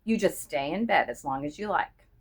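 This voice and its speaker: A woman voicing a doting, anxious husband who talks gently and reassuringly in a slightly husky tone. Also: deep voice, expressive, normal speed. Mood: tender.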